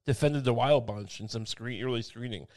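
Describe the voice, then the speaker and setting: A man's voice: medium pitch, moderate pace, darkish tone. A man co-hosting a podcast, riffing with crude, profane jokes in casual chat.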